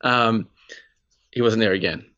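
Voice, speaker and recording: A young Australian man co-hosting a podcast, telling a story in animated, sweary casual chat and acting out the quotes. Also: lowish voice, measured pace, highs cut off. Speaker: podcast co-host.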